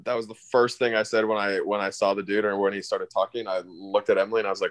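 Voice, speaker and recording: A man's voice: on the low side, flat delivery, fast, no room sound. A young man chatting casually, rambling with many fillers. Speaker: podcast co-host. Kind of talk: casual chat.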